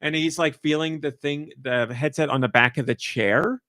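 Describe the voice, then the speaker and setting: A man's voice: a little high, moderate pace, pushed and bright, dry recording, studio quality. A man hosting a casual podcast, telling a family story animatedly and acting out quotes in a raised voice. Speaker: podcast host.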